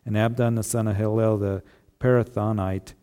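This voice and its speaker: Mellow-voiced pastor preaching conversationally. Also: male voice, lowish voice, level tone, normal speed. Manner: conversational, rhetorical tag questions. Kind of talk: sermon.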